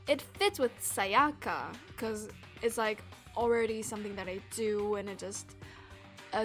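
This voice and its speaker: A woman's voice: fairly high pitch, a bit bright. A woman streaming a game, chatting in a rambling, playful way and trying out character voices, laughing often. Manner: tries out character voices aloud. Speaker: streamer playing a visual novel. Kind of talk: casual live-stream commentary and voice practice.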